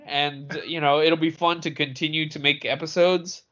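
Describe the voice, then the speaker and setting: A man co-hosting a podcast in casual chat, halting and full of fillers. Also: fairly high pitch, little pitch movement, bright, forceful tone, highs cut off. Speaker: podcast co-host.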